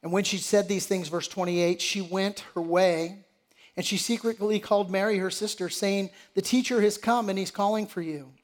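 A man's voice: sits high, steady tone, moderate pace. Man preaching a conversational sermon. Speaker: pastor.

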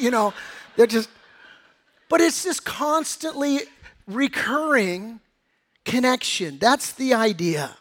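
A middle-aged pastor preaches a sermon in a conversational, storytelling style, acting out quotes from his family. His voice is extremely high and fairly bright, expressive yet unhurried.

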